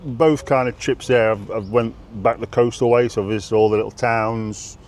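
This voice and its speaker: A man guesting on a live walk, chatting casually in a halting way, stumbling over place names and laughing easily. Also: mid-range voice, fairly even intonation, a little mellow. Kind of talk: casual conversation.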